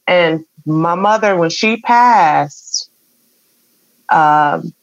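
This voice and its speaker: A woman's voice: on the low side, extremely slow, no echo, lo-fi sound. A middle-aged woman, earnestly telling an emotional personal story as an interview guest. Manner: emotional, earnest, acts out quoted voices.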